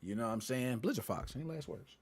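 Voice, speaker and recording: A man's voice: mid-range voice, animated, fast, slightly rough. A man hosting a casual gaming podcast, joking around in loose, slangy banter. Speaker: podcast host.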